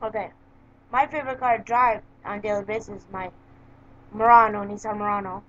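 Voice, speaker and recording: A woman's voice: mid-range voice, steady tone, a little fast, fairly bright tone. A woman interviewing a racer, chatting eagerly and casually. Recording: slightly dull sound.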